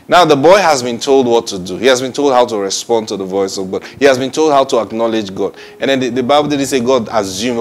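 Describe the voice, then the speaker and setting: A man teaching the Bible in a lively sermon style, repeating phrases and praising God between points. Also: medium pitch, fairly quick, few pauses. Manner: animated and repetitive, often saying "praise God" with short laughs.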